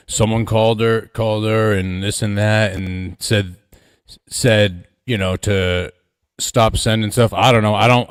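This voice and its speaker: Sarcastic, rambling co-host. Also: male voice, on the low side, no room sound. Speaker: livestream co-host. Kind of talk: livestream commentary.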